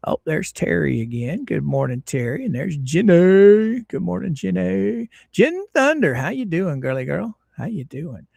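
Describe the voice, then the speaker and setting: A middle-aged man from Florida, hosting a casual livestream and greeting his viewers in a folksy, drawn-out way. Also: high voice, gravelly, no echo, studio quality. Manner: folksy, drawn-out greetings, lively ups and downs. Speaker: livestream host.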